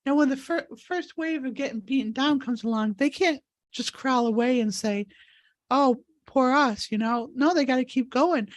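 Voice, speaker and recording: A high-voiced woman leads a healing session over a video call. She is crying as she talks, and her speech stays earnest and rambling, full of restarts and asides. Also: a little mellow. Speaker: spiritual healer and host. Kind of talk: live-stream healing session.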